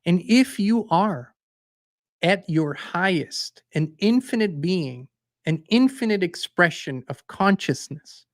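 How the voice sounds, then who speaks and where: Guy with a highish voice telling stories, punchy and blunt, super dry close sound. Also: lively intonation, takes it slowly, no echo. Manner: emphatic storyteller who acts out the voices in his anecdotes; forceful and blunt toward the end. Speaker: host and songwriter. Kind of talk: casual spiritual monologue.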